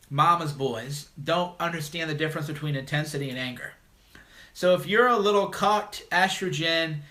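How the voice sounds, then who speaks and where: Blunt, mocking man with a bright voice. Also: fairly high pitch. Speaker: livestream host. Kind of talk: call-in livestream monologue.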